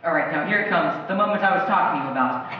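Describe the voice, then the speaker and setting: A man muses in a wry, reflective monologue, his voice high for a man. He sounds far from the mic in a dull, echoey recording. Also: expressive, fast talker, a little hiss or hum. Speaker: narrator. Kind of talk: scripted monologue.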